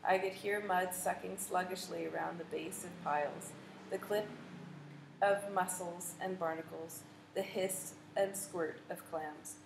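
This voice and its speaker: A woman narrating a literary audiobook in a measured, vivid storytelling manner. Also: fairly low pitch, steady tone, gravelly. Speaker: audiobook reader. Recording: echoey room with faint noise.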